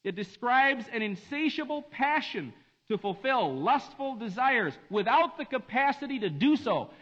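A man delivers a sermon in a high voice. He swings from hushed, drawn-out words to emphatic, rising appeals. The recording sounds dull and lo-fi. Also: very animated, breathy edge. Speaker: preacher.

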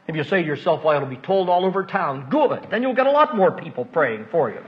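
Older man, preaching, folksy and emotional, hushed then loud, lively swinging voice, muffled old recording. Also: on the high side, brisk, a little hiss or hum. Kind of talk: sermon. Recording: dull lo-fi recording.

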